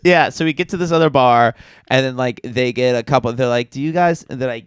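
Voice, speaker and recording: Man, podcast co-host, rambling storyteller, smooth voice, dry close mic. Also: mid-range voice, quick pace, no echo. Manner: rambling anecdote with filler words and laughs. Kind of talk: casual storytelling chat.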